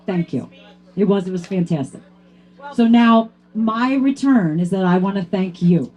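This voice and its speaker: A woman with an unhurried, medium-pitched voice presents a hall of fame award to her teammate. Her tribute is heartfelt and she fights back tears, then becomes loud and excited toward the end.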